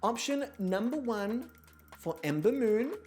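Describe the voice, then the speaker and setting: A man's voice: very high voice, lively intonation, measured pace, darkish tone, soft background music. A young man hosting a model-show game, chatting casually in a campy, self-mocking way and swearing often. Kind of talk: casual gameplay commentary.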